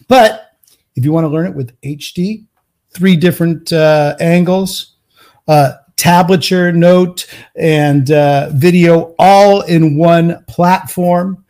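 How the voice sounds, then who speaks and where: High-voiced, excitable male show host. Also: slow pace. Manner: energetic and rambling, laughs often. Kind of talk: casual live show chat.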